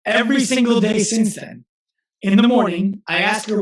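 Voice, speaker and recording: A man in his thirties, a guest in an interview, talking earnestly and telling stories with quick restarts. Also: high voice, roomy sound, poor audio. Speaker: guest, physical therapist and coach. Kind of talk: conversational interview.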